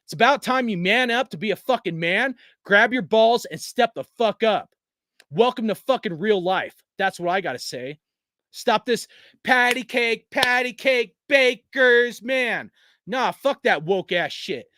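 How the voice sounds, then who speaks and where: A man hosting a fan channel, delivering a heated, profane, slangy sports rant at a fast clip. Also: high voice, animated, a bit bright, dry recording, studio quality. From US West Coast. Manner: heated, cursing, rapid-fire, slangy.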